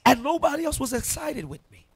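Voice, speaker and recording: A male pastor preaching with emphatic call-and-response, pushing some lines up to shouts. His voice sits high and swings widely in pitch. The sound is dry and close. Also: very animated, brisk, no echo. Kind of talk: sermon. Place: church sanctuary.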